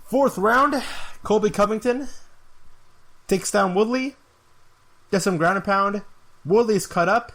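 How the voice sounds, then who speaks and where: A podcast host with a high, fairly bright voice gives a casual, rambling review of a fight. He sounds exasperated and uses lots of filler words.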